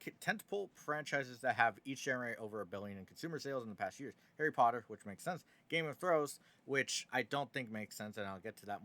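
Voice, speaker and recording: Man, bright tone, sarcastic, opinionated, casual gaming news chat. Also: mid-range voice. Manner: sarcastic, opinionated, many fillers.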